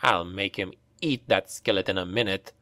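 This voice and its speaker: A man voicing a grumbling, joking male foot soldier in an audiobook, in a lowered, rough-edged voice. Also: slow pace, fairly bright tone. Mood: growling.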